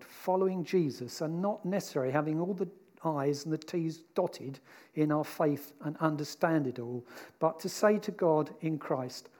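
A man preaching a sermon in a conversational way, acting out the disciples' words as he tells the story. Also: on the high side. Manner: conversational and animated, voicing the disciples.

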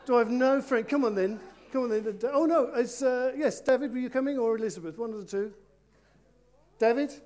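A man's voice: very high voice, fairly quick, a little mellow. Playful preacher man coaxing young volunteers. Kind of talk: children's talk during a church service. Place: church before a congregation.

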